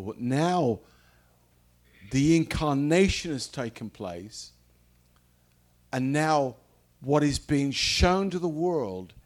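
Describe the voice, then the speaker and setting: A man preaching a sermon, reading scripture and explaining it slowly, with emphatic repetition. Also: mid-range voice.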